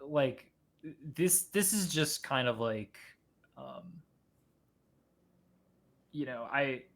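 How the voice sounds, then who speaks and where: A man speaking as a podcast guest in casual discussion, halting and full of fillers and restarts. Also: medium pitch, gravelly, a bit bright.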